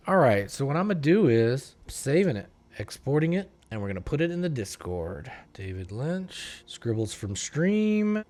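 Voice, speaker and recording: Male art streamer, casual and earnest, wears his feelings openly, mid-pitched everyday voice. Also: darkish tone. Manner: earnest, rambling, emotional, slang-heavy. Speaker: artist streaming a digital painting session. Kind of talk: casual livestream chat.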